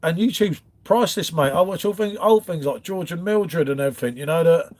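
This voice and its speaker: A chatty man hosts a livestream from his home front room, his voice fairly high, fairly quick, and a little mellow. He rambles while reading out viewer comments and calls them mate.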